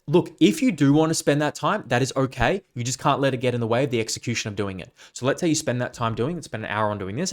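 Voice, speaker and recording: A man hosting his own podcast as a coach, giving a blunt, profane, emphatic unscripted rant. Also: mid-range voice. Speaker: fitness coach and podcast host.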